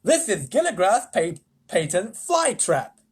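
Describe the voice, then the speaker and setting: A man's voice: sits high, big pitch swings, measured pace, slightly rough, voice pushed up, heavily acted. A man playing a boastful, gleeful president. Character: boastful self-satisfied male president.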